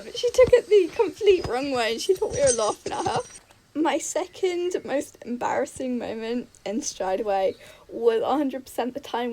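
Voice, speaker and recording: A woman's voice: high voice, a little mellow, a little hiss or hum, low-quality recording. Chatty young woman telling game stories. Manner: chatty, giggly, lots of "like" and "um". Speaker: gaming YouTuber. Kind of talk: casual storytelling over gameplay.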